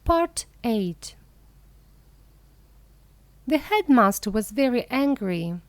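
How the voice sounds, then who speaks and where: Woman storyteller, beginner-level audiobook, high lively voice, close dry sound. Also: slow, no echo. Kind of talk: slow audiobook reading for English learners.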